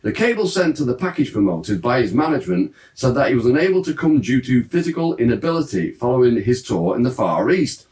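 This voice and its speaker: Guy chatting about old mags, lively up-and-down voice, echoey room, off-mic. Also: mid-range voice, quick pace, hardly any pauses. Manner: chatty, laughs easily. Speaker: host. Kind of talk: casual chat about old music papers. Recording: roomy sound from a distance.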